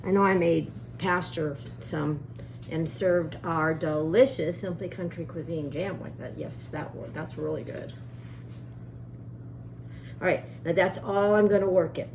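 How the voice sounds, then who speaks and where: A woman's voice: fairly low pitch, steady tone, unhurried, gravelly, a little mellow, a little hiss or hum. A woman hosting a casual cooking demonstration in a home kitchen, chatty and folksy, telling family stories as she works. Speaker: cooking show host.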